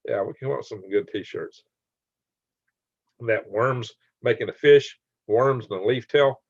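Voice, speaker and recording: A man with a mid-range voice hosts a late-night livestream, speaking a little slowly as he jokes, laughs often, and reads chat comments aloud. The sound is dry and slightly dull, with no echo.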